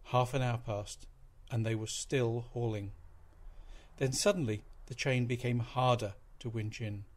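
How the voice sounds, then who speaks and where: A man narrating a short story aloud in an expressive, measured reading voice. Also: medium pitch.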